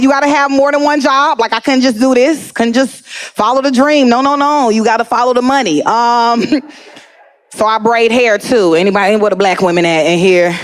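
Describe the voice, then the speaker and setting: A woman from Atlanta performing stand-up comedy, telling stories in an animated way, acting out voices and laughing often. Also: fairly high pitch, measured pace. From Atlanta, USA. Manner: animated storytelling, acts out voices, laughs a lot.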